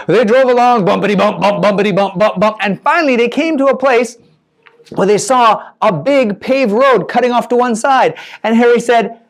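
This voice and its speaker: Animated male storyteller with sound effects. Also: high-pitched. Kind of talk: children's story telling.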